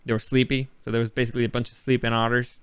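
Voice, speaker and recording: A man's voice: medium pitch, flat delivery, racing, fairly bright tone, clean tone, no room sound. Chatty man rambling over vlog clips. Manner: rambling, chatty, trails off mid-sentence. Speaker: vlogger. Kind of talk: casual travel vlog narration.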